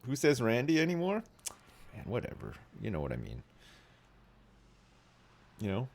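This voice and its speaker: A man's voice: medium pitch, wildly swooping pitch, normal speed. A man live-streaming a game, chatting casually in a joking, rambling way.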